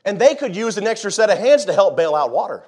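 A man preaching a sermon in a high, animated voice. He moves from quiet, chatty asides to the congregation to loud, dramatic retellings of the scene. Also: quick pace. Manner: dramatic, acts out the disciples' panic, swings from quiet to shouting; conversational, jokes with the congregation. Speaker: pastor.

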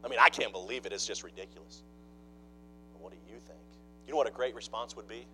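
A man preaching a sermon, dropping to hushed mock-gossip asides and then rising into loud, emphatic preaching. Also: fairly low pitch, quick pace, a little hiss or hum, poor audio. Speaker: pastor.

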